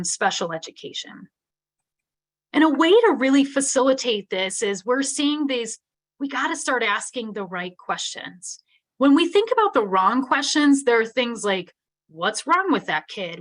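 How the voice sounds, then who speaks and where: A woman's voice: a little high, fairly bright tone. A middle-aged woman giving an earnest, conversational keynote in a live webinar, often checking in with "right?". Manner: earnest, conversational, tag questions. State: teary-eyed. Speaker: keynote speaker.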